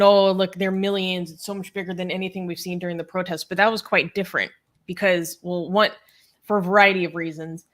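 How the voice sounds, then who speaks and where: A woman's voice: fairly low pitch, a bit bright. Enthusiastic woman co-hosting a stream. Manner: enthusiastic, with fillers like um and like. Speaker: co-host of a livestream show. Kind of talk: casual chat, showing images and reading comments.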